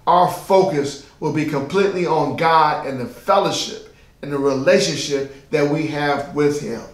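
A man's voice: fairly high pitch, measured pace, echoey room, a little hiss or hum. A man preaching a sermon as pastor, emphatic and repetitive, asking the listeners rhetorical questions.

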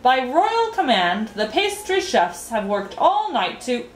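A woman's voice: high-pitched, very animated, slow pace, slight background noise, pitched above the performer's own voice, exaggerated voice. A woman voicing a pompous, short-tempered male king who snaps and orders people about, in a storybook reading. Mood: impatient. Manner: bossy and snapping. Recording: roomy echo.

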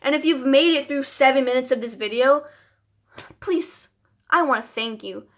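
A young woman vlogs casually, telling a personal story in a chatty, emotional way and using lots of "like" as filler. Her voice sits high with a fairly bright tone, and she talks at a moderate pace.

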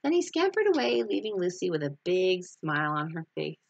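A woman teacher reading a children's picture book aloud, telling the story expressively. Her voice sits fairly low and moves with lively rises and falls. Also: fairly quick, creaky, husky, dull audio.

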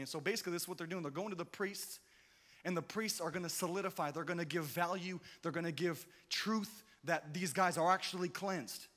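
A man preaching a sermon with drama, swinging between loud outbursts and hushed, slow passages. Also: high-pitched. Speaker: pastor. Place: church hall. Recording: hall reverb.

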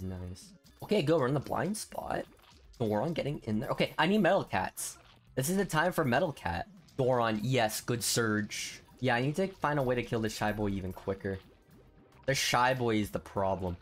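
A young man talks his way through a tricky game stage, swinging between muttered notes and high, loud outbursts. He repeats words in quick strings when things get tense. Faint game music plays under his voice. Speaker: gameplay streamer. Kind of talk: excited gameplay commentary.

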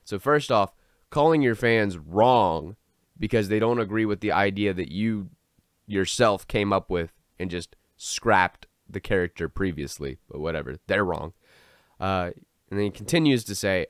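Man, low voice, sarcastic online commentator, dry close recording. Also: lively intonation, moderate pace, no echo. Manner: sarcastic, mocking. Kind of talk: commentary vlog.

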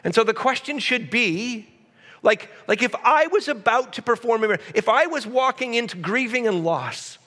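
Man, pastor, sermon, emphatic repetition, asides to the congregation, high voice, long hall reverb. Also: expressive, moderate pace, bright, forceful tone.

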